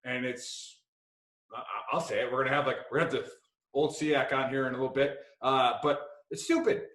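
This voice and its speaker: A man's voice: mid-range voice, a little fast, a bit bright. A man hosting a casual podcast, rambling and joking with frequent swearing. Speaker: podcast host. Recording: echoey room.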